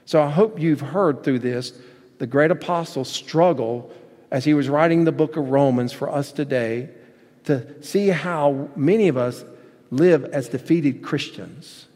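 Earnest preacher in a big echoing hall. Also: male voice, fairly high pitch, a little slow, a little mellow. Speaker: pastor. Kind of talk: sermon with storybook reading. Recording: long hall reverb.

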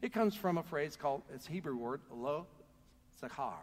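A man's voice: a little high, animated, normal speed. A man preaching a sermon as pastor, earnest and calling on the congregation to answer back. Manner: earnest, calls out to the congregation for responses. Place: church. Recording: long hall reverb.

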